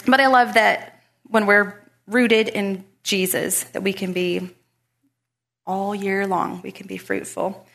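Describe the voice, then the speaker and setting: Gravelly-voiced woman giving a devotional talk. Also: medium pitch, takes it slowly. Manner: chatty, animated when retelling a story. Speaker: Bible study speaker.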